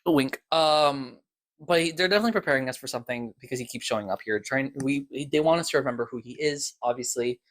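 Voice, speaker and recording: A man talks through podcast episodes in a loose, rambling recap, leaning on filler words and doubling back as he goes. His voice sits at an ordinary middle pitch for a man. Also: quick pace. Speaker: podcast reviewer.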